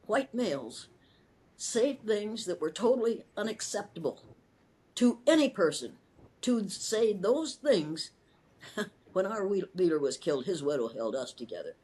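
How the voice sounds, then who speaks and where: A woman's voice: on the low side, darkish tone, slightly rough. Impassioned older woman. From Iowa, USA. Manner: impassioned and emphatic, with repeated words and restarts. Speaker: retired schoolteacher telling her story. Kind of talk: personal storytelling in an interview.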